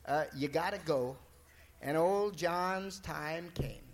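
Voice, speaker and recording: Man spinning a folk tale, high voice, slow easy drawl. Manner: drawling, folksy, relaxed. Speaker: storyteller.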